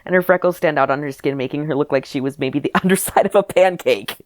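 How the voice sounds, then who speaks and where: A woman's voice: low-pitched, fast talker, dry recording. A woman reading her childhood story aloud and mocking it with wry asides and laughter. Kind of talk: comedic reading of old diary with commentary.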